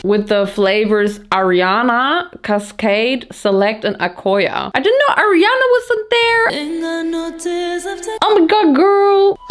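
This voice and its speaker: A young woman from Germany doing a casual, playful taste-test vlog with dramatic reactions. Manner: dramatic, playful, quick jumps in pitch. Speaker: vlogger.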